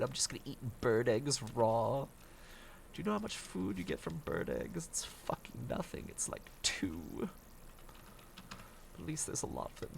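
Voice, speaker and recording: A man rambles through a survival game stream, grumbling, swearing and mocking himself as he plays. His voice is rough and gravelly, and his pitch jumps around a lot. A faint hum of noise sits behind him. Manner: grumbling, profane, self-mocking. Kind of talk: casual gameplay commentary.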